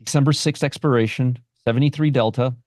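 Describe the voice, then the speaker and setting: A man's voice: medium pitch, steady tone, fast talker, darkish tone, no room sound, clean studio sound. Brash sarcastic man teaching trades. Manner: brash, sarcastic, answers chat by name. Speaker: options trading instructor. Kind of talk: live-stream trading commentary.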